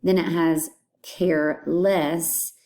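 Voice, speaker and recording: Woman, teacher, phonics lesson, low pitch, mellow tone, patient explanations. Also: fairly even intonation, very slow. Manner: patient, explanatory, breaks words into parts.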